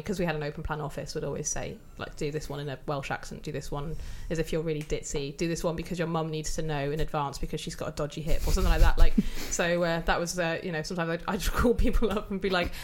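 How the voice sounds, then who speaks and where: A woman's voice: low voice, fairly even intonation, rapid-fire, hardly any pauses, a little hiss or hum. A woman hosting a podcast in casual chat, telling stories and laughing often. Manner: chatty storyteller, laughs often. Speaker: podcast host.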